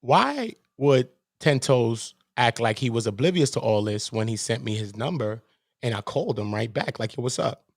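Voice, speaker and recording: A man's voice: medium pitch, moderate pace, creaky, dry recording, studio quality. A man from Brooklyn with a New York accent, hosting his own channel in a heated, profane rant, repeating himself and acting out what others said. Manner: animated, repetitive, profane, acts out quoted voices. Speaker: channel host.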